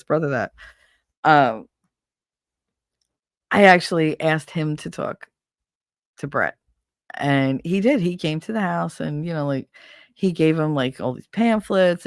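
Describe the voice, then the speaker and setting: A woman's voice: low-pitched, dry recording, studio quality. A middle-aged woman hosting a podcast, chatting casually with her live audience and ranting in a blunt, heated, profane way. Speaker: podcast host. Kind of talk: casual livestream chat.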